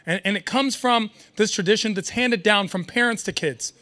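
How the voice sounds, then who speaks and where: A young man doing a stand-up comedy set at a live event, animated and riffing with the audience. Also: high voice, normal speed. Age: young adult.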